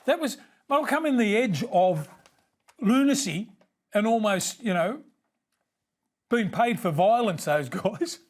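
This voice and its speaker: An Australian man in his sixties, a guest on a podcast, telling old footy stories in a lively way, often laughing and calling people mate. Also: high-pitched, measured pace, pauses often. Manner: animated storyteller, laughs often, calls everyone mate. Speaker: podcast guest, former rugby league player. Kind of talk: casual chat.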